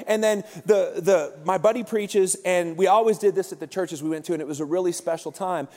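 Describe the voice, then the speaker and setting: A man preaching a sermon as comic storytelling, animated and breaking into shouted bursts. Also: sits high, a little fast. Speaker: pastor. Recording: long hall reverb.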